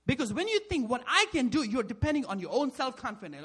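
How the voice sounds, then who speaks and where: Brief: husky, high-voiced male pastor, sermon, animated and questioning. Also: fast. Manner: rhetorical questions, frequent "right?", emphatic swings in loudness.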